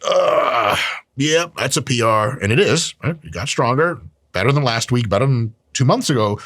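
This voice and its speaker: A man's voice: mid-range voice, no room sound. Guy explaining lifting stuff, swears a lot, jokey, voice jumps all over, dry close sound. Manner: animated, profane, jokey. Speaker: strength training educator. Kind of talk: casual explanatory talk.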